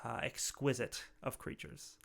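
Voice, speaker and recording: A man's voice: medium pitch, steady tone, a little slow, vocal fry, fairly bright tone, exaggerated voice. A man voicing a proud male noble who boasts in a courtly way about riding giant moths.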